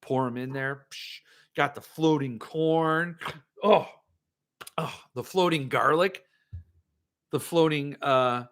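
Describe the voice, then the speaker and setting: A man hosting a casual monologue, rambling and animated with excitable outbursts. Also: a little high. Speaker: host.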